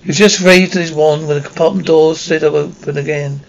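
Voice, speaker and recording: A man's voice: on the high side, steady tone, normal speed, creaky, highs cut off. A man reading a children's novel aloud, stumbling and restarting words often. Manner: reads with frequent slips and restarts. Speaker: audiobook reader.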